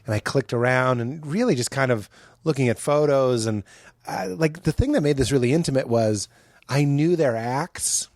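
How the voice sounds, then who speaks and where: A man's voice: mid-range voice, normal speed, darkish tone, no echo, clean studio sound. A man, a comedian guest on a podcast, talking in a thoughtful, earnest way. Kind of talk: casual chat.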